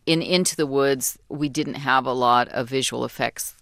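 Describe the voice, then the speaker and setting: Female guest interviewee, gravelly and relaxed, dry studio. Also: a bass voice, moderate pace, no room sound. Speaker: costume designer guest.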